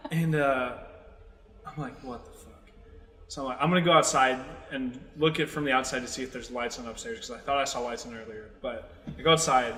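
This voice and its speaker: A young man in his twenties tells a story with lots of likes and curse words. His voice is bright and forward. The recording has a roomy echo with a long hall tail. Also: mid-range voice. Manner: rambling, filler-heavy, swears a lot. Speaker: podcast co-host. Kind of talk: casual storytelling chat.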